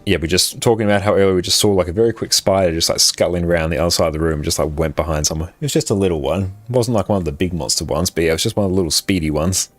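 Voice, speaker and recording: A man's voice: sits low, very fast, hardly any pauses, no room sound. An Australian man chatting casually on a live game stream, upbeat and laughing easily as he thanks viewers. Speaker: livestream gamer.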